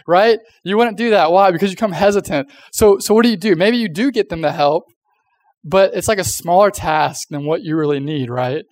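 A man's voice: sits high, brisk, dry recording. A young man giving a casual youth sermon, chatty and full of fillers, often acting out little voices. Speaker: youth pastor.

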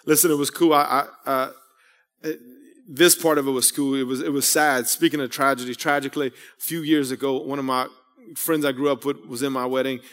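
A man's voice: mid-range voice, flat delivery, brisk, a bit bright, big-room sound. A man in his thirties preaching a sermon, conversational and rambling, full of asides and rhetorical questions. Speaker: pastor. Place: church sanctuary.

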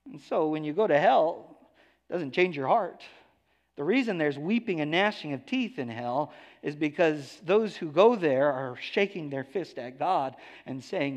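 A male pastor preaching a sermon, emphatic, swinging between hushed lows and raised declarations. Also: expressive, measured pace, big-room sound.

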